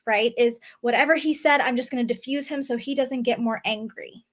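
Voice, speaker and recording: A woman vlogger talking casually to camera from her desk, often checking in with a quick "right?". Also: sits high, pushed and bright. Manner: chatty, often tags on "right?". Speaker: spiritual vlogger. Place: indoors at a desk.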